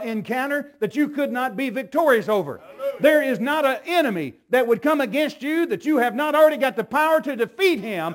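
A man preaching a sermon as pastor, swinging between low, slow teaching and loud, shouted exclamations.

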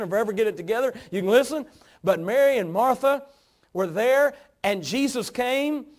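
A man preaching a sermon, fervent and emphatic, repeating words and building to loud peaks. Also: sits high. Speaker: pastor.

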